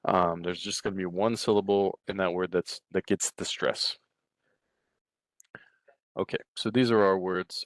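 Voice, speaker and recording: A middle-aged man giving a recorded language lecture from a textbook, relaxed, often checking in with "right?" and restarting his sentences. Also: low-pitched, dry recording. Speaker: Russian language teacher.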